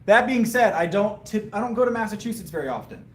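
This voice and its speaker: A man talks loosely to his viewers. He rambles and answers their questions with easy laughs. His voice sits slightly high, over a faint hum of background noise. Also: expressive, fast, reverberant. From Southern US. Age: 30s. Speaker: powerlifting livestreamer. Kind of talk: casual live-stream chat between sets.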